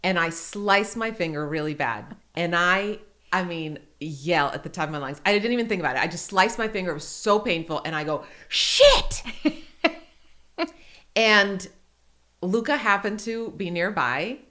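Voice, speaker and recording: A middle-aged woman hosting a podcast, telling a personal story in casual chat and acting out the quotes with lively energy. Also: fairly low pitch, normal speed. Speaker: podcast host.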